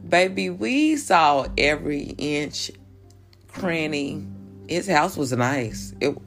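A woman's voice: deep voice, lively intonation, takes it slowly, gravelly, soft background music. A woman hosting a podcast, chatting casually with playful asides and laughs. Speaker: podcast host. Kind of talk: casual chat.

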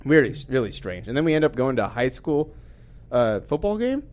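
A man co-hosting a casual podcast chat, telling a long story in an animated way and acting out the voices of the people in it. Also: medium pitch, brisk. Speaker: podcast co-host.

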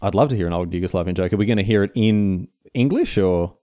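A man co-hosting a podcast in casual chat, with quick, playful, self-deprecating banter. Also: deep voice, warm tone, no room sound, studio quality. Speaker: podcast co-host.

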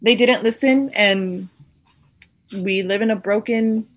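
A woman's voice: medium pitch, takes it slowly. A woman talking casually about her faith, rambling with many fillers and acting out conversations she has had. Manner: acts out quoted conversations.

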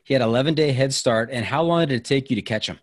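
A man's voice: medium pitch, fast, no room sound. Male podcast host, dry close sound, easygoing and jokey with guests. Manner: friendly, jokey, plays along with guest. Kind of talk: casual interview chat.

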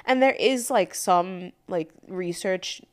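A woman's voice: fairly low pitch, slow. A young woman co-hosting a podcast, chatting frankly and casually with plenty of fillers. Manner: candid, frank and profane, many fillers. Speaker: podcast co-host. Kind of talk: casual chat.

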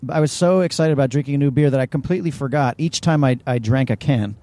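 A man co-hosting a casual comedy podcast, rambling and joking in an animated way. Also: mid-range voice, fast. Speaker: podcast co-host.

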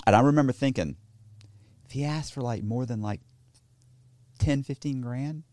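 A man's voice: medium pitch, normal speed, dry recording. A man telling a story in an interview, swearing freely and acting out the people in it. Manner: profane, animated, acts out the people in his story. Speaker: interview guest. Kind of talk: casual storytelling.

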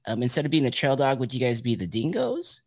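A man's voice: medium pitch, very animated, quick pace, husky. Chatty, laughing male podcast host. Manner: laughs a lot, upbeat and chatty. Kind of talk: casual chat.

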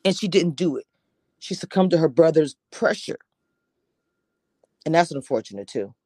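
A woman's voice: low-pitched, expressive, normal speed, mellow, no echo, studio quality. A woman recapping a TV episode in a casual, chatty way, sometimes dropping to a whisper for emphasis. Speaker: TV show reviewer.

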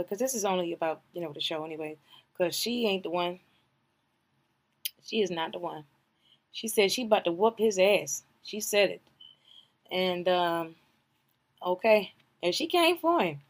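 A woman hosting a podcast, giving a casual comedic recap, animated and profane, swinging from loud exclamations to hushed asides. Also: fairly low pitch. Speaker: podcast host recapping a reality show.

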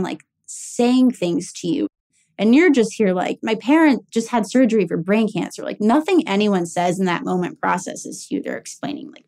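A woman's voice: medium pitch, creaky. A young woman telling a personal caregiving story in a candid, casual way, full of fillers. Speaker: caregiver sharing her story.

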